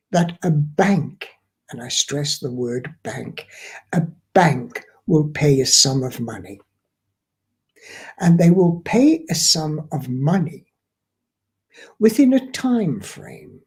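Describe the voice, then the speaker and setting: A middle-aged man explains a trade topic to camera at an unhurried pace. His voice is husky, and his pitch moves a lot as he stresses and repeats key points. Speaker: international trade trainer.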